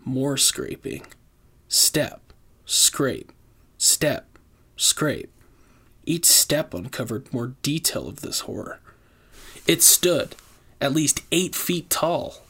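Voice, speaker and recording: A man reads a horror story aloud in an ordinary mid-range voice. His delivery is measured and deliberate, and he slows down to build suspense. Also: mid-range voice, animated, bright, forceful tone, breathy edge. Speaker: narrator. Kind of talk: scripted horror story narration.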